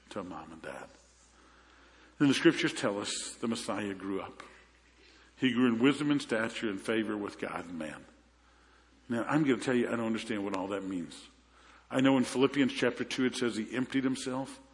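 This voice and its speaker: In a large hall, a pastor with a lowish voice and vocal fry preaches. He tells his stories in a conversational way, and he keeps restarting as he goes.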